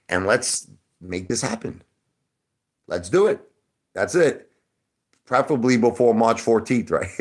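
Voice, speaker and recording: A man hosts a casual livestream, ranting straight at his viewers. His voice sits low but swings wildly in pitch, from booming outbursts to near-mutters. He sounds swaggering and profane, like he's holding court. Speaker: YouTube livestream host.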